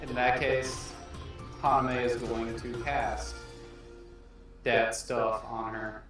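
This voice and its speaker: A man's voice: mid-range voice, level tone, slow pace, heavy reverb, distant mic, music in the background. A man as a player in a tabletop game, talking through what his character does.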